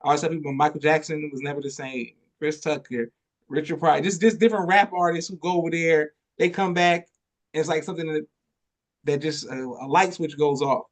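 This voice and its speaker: Guy hosting a podcast, kinda high voice, laid back casual talk. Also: a little fast. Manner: relaxed, loose phrasing with restarts. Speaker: podcast host. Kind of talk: casual interview chat.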